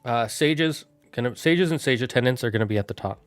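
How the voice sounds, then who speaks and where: A man streaming live, thinking out loud and answering chat in a casual, rambling way. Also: medium pitch, smooth, dry recording, soft background music. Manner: musing aloud, thinks out loud with quick asides. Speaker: streamer running a worldbuilding chat.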